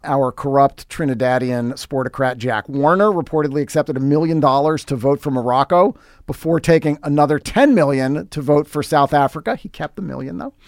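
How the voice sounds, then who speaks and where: A man's voice: on the high side, fairly quick, dry recording. Sarcastic male podcast host, dry sound. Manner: sarcastic, wry asides. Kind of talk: scripted sports commentary.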